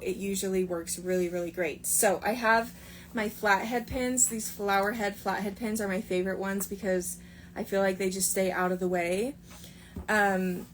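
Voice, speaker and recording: A woman's voice: medium pitch, a little hiss or hum. A woman in her sewing room giving a chatty, upbeat sewing tutorial with lots of fillers and asides. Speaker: sewing pattern designer teaching a sew-along. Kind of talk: casual tutorial talk.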